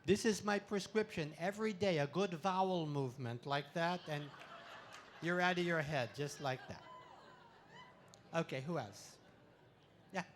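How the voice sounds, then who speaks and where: A man giving a playful talk to an audience at an expo, full of deadpan puns and laughter exercises, speaking into a handheld mic. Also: fairly high pitch, unhurried, long pauses, a little hiss or hum. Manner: pun-filled deadpan jokes. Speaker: comedic spiritual speaker.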